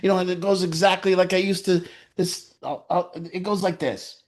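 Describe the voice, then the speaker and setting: A man's voice: sits high, level tone, moderate pace. A man telling a personal story in a casual, rambling way. He often restarts his sentences and laughs as he talks. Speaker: storyteller sharing a personal account.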